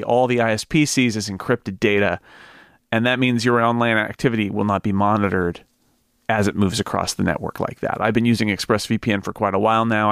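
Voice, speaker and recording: A man's voice: medium pitch, a bit bright, clear, resonant tone, no echo, clean studio sound. A man hosting a podcast, reading an ad and chatting casually about a film. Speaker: podcast host. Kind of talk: casual film discussion and read ad.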